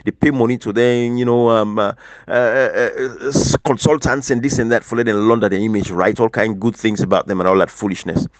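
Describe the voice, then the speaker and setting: A man's voice: on the low side, steady tone, brisk, hardly any pauses, dry recording. Impassioned Sierra Leonean man, dry sound. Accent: Sierra Leonean Krio-English. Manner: impassioned, repetitive, rising to near shouting. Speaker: political commentator. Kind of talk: casual political discussion.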